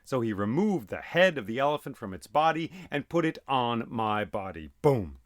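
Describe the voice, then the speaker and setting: A man telling an old myth aloud as host, dramatic and animated, voicing sound effects as he goes. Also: mid-range voice, normal speed, no echo, clean studio sound. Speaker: storyteller and podcast host. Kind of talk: oral storytelling of myth.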